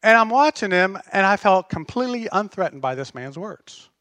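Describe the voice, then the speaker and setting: A man's voice: high voice, lively intonation, normal speed, fairly bright tone, no echo. A man preaching a sermon as pastor, passionate and emphatic.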